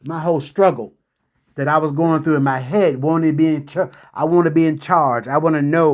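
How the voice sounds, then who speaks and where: Male radio host, fairly high voice for a man, storyteller who restarts his sentences, casual talk-show delivery. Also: brisk. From New York City.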